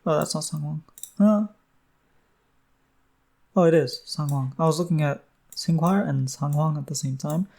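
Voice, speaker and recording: A young man talks through a language lesson as though studying out loud, stopping to correct himself and filling gaps with ums. His voice sits a little on the high side and stays relaxed and conversational. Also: fast, gravelly, long pauses. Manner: thinks aloud, many fillers and self-corrections. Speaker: Korean language tutor. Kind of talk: casual self-study lesson.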